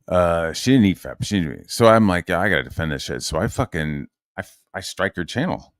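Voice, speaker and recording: A man's voice: low voice, expressive, brisk, no room sound, clean studio sound. A man from Virginia, a channel host, telling a long profane, agitated story with many fillers and restarts. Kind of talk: casual ranting monologue.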